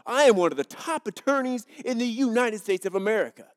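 A man's voice: very high voice, lively intonation, brisk. A man voicing an arrogant big-city lawyer who boasts and makes threats, as part of a joke in a sermon. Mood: indignant. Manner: pompous, threatening.

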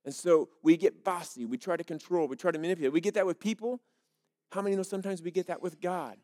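High-voiced man preaching conversationally. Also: fast, a little mellow. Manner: conversational, storytelling, frequent restarts. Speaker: pastor. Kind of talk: sermon.

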